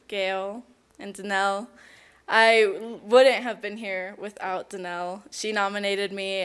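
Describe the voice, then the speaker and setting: A teenage girl who speaks at home, giving an award acceptance speech, emotional and close to tears, with giggles. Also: medium pitch. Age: teens. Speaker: award recipient. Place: awards event hall.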